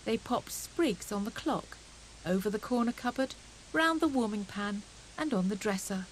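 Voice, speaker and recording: A woman narrating a children's storybook audiobook in a gentle, expressive reading. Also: medium pitch, normal speed, a little hiss or hum, poor audio.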